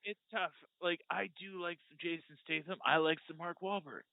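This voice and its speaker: A man's voice: sits high, fairly even intonation, moderate pace, creaky, no room sound. A man in casual chat as a guest debater, joking around and trying clumsy impressions, heard on a remote call. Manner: jokey, attempts clumsy impressions. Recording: tinny phone-like line.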